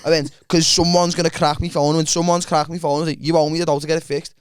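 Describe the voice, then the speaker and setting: A man's voice: a little high, quick pace, clean tone, dry recording, studio quality. A man co-hosting a podcast, telling swear-filled stories and acting out the voices in them. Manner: animated, swearing, acts out voices in anecdotes. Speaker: podcast co-host. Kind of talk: casual banter, storytelling.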